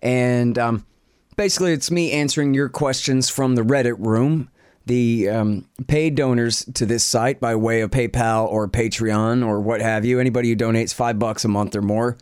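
A man's voice: medium pitch, smooth, no room sound, clean studio sound. A man hosting a casual Q and A show, talking in a rambling, self-deprecating way with plenty of fillers and the odd curse. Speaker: podcast host. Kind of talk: casual Q and A chat. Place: home office.

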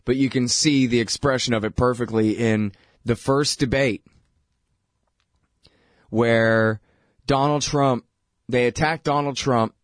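A man hosting a talk show, giving a sarcastic, animated political monologue that is full of mocking impressions. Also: no echo, clean studio sound. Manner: animated, rising pitch when exasperated. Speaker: radio host.

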